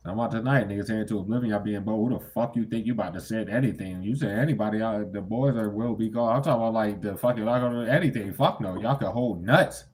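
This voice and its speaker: A man's voice: lowish voice, fast, hardly any pauses, a little mellow. A young man giving a casual tarot reading, talking bluntly and with heavy profanity, breaking into sudden incredulous outbursts. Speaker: tarot reader.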